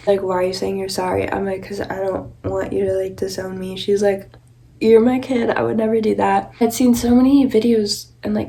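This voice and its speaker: A woman's voice: mid-range voice, vocal fry, mellow, slight background noise, rough recording. A young woman casually telling a personal story in a confiding way, full of filler words. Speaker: content creator.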